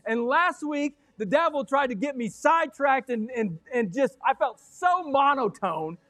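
A man preaching a sermon as pastor of his church, excitable and fiery, breaking into yells. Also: very high voice, measured pace, no room sound. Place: church sanctuary.

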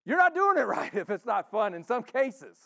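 A male pastor preaching a sermon in a conversational, playful way, acting out the congregation's thoughts and swinging between loud emphasis and soft asides. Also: extremely high pitch, sing-song, moderate pace, creaky.

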